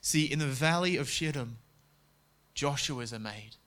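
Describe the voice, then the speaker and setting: A man preaching a sermon in a conversational way, dropping to soft, quiet tones when he speaks God's words. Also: medium pitch, measured pace. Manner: conversational preaching, quotes God and Joshua, drops to soft tones.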